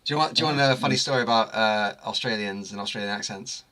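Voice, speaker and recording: Bright-toned English man hosting a band stream, teasing, brisk storyteller. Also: on the low side. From England. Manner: upbeat, teasing, quick anecdotes. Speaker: livestream host. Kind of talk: casual chat.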